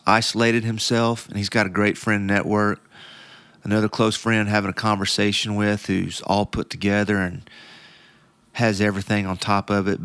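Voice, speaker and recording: A man's voice: lowish voice, a bit bright, smooth, dry recording. A middle-aged man, a podcast guest, telling a story casually with many fillers and restarts.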